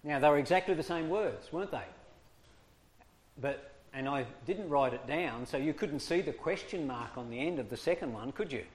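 A man's voice: fairly high pitch, lively intonation, normal speed. A man teaching a small group in a casual, demonstrative way, swinging his voice up and down to make his points. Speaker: speaker teaching discipline. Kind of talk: informal talk to a small group.

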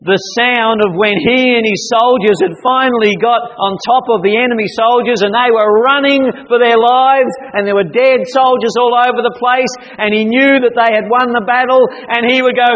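A male preacher with a high voice delivers a sermon to a young audience. He talks in an animated way and breaks into sudden loud acted-out cries. His voice rings with the long reverb of a large hall. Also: normal speed, few pauses, highs cut off.

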